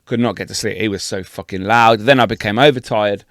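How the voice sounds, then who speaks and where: A man's voice: fairly low pitch, brisk, no echo. Young guy on a podcast, swearing loads telling a trip story, dry close sound. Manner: sweary, animated anecdote telling. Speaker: podcast co-host. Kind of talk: casual storytelling chat.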